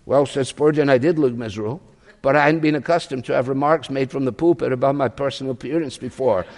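Preacher guy telling a story, acting out quotes, big hall reverb, medium pitch. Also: quick pace. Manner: storytelling, acting out quotes, building to shouted climaxes. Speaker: pastor. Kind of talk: sermon.

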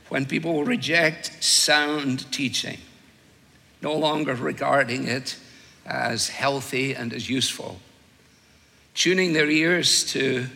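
An older man preaching a sermon, telling stories with wry humor and slow, weighed emphasis. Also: medium pitch, creaky, bright, forceful tone, big-room sound.

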